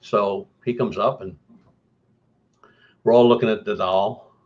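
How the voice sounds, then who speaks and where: Low-voiced man telling a story. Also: a little slow, lo-fi sound. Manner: animated, jumps to a higher voice for emphasis. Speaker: guest paranormal investigator. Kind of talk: casual storytelling.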